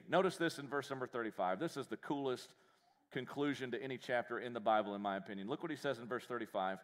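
A man preaching a live sermon as pastor in a church, animated and joking, with self-deprecating humor. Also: a little high, fast, big-room sound. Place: church sanctuary.

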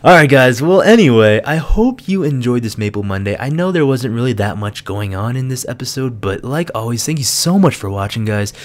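A young man vlogging casually, telling an animated story with laughs and acted-out quotes. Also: mid-range voice, fairly quick, few pauses. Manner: animated, laughs often, acts out quoted lines. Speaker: gaming vlogger.

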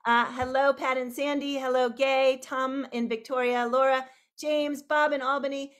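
A woman's voice: high voice, flat delivery, moderate pace. A woman hosting an online video call, greeting viewers one by one by name in a bubbly, rambling way, laughing often. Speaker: host.

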